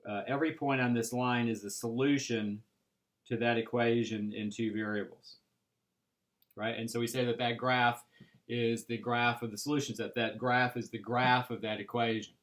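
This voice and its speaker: A man teaching an algebra class, explaining step by step in a patient way with frequent pauses and "right?" checks. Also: medium pitch, steady tone, fairly bright tone. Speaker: math instructor. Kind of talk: recorded classroom lecture.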